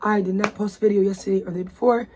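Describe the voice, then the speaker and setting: A woman's voice: medium pitch, steady tone, racing, a little mellow, a little hiss or hum. A woman hosting her own vlog, talking casually and rambling from a bedroom with lots of fillers. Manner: rambling, chatty, many fillers. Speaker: vlogger host. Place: bedroom indoors.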